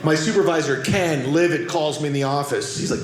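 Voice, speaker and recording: A man's voice: fairly high pitch, expressive, fast, hardly any pauses. A man doing a stand-up comedy set on a club stage, telling punchy, self-deprecating stories. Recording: echoey club with audience noise.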